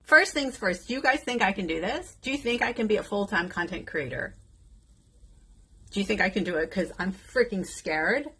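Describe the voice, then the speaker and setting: A woman's voice: medium pitch, moderate pace, a bit bright, husky. A woman in her fifties chatting casually with her viewers while doing her makeup, emotional and outspoken. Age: 50s. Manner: emotional, outrageous, addresses viewers directly. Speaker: beauty content creator.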